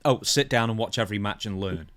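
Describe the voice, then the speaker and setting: A man's voice: on the low side, fast talker, fairly bright tone. A man co-hosting a podcast, asking long, winding interview questions.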